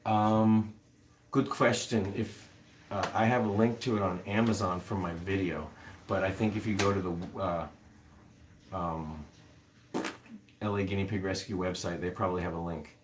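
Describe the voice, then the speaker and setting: A man with a lowish voice chats casually on a livestream, wandering through his thoughts with plenty of ums and uhs as he reads out and answers viewer questions. A faint hiss of noise sits behind him. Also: fairly even intonation, normal speed, pauses often. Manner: rambling, many fillers, answers viewer comments. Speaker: livestream host.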